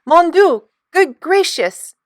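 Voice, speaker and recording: Woman reader as a doting, excitable tall lady; smooth voice, dry close read. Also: medium pitch, unhurried, no room sound. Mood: alarmed. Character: tall, fussy lady doting on her little dog.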